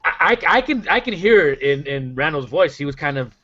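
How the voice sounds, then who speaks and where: Man, mid pitch, rambling podcast story, lots of restarts, dry dull lo-fi audio. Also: very animated, a little fast, pushed and bright, dry recording. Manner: rambling, many restarts, casual swearing. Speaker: podcast co-host.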